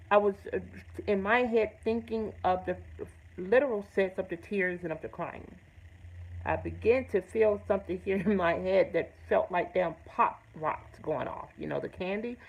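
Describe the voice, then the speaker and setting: Low gravelly woman, earnest and blunt. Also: normal speed, darkish tone, poor audio. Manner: earnest, emphatic, blunt, swears freely. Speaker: host. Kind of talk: personal testimony to camera.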